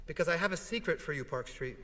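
A male pastor delivering a heartfelt sermon in a church, telling stories with dramatic pauses and hushed drops. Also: a little high, animated, in a large hall.

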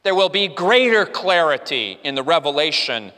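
A man's voice: fairly high pitch, big pitch swings, moderate pace, bright, forceful tone. A man preaching a sermon to his congregation, earnest, with frequent "uh" restarts and a voice that rises and falls. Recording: long hall reverb.

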